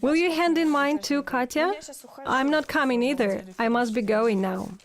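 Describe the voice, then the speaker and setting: A woman's voice: high voice, moderate pace. A young woman cadet at a paratrooper school, telling her story in an earnest, reflective dubbed voice-over.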